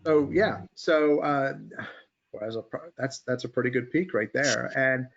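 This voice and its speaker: A man's voice: mid-range voice, a little slow, creaky, fairly bright tone, lo-fi sound. A man hosting a casual stock-market chat who thinks aloud and keeps asking his co-hosts for input. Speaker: host of a markets podcast. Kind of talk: casual group chat about stock charts.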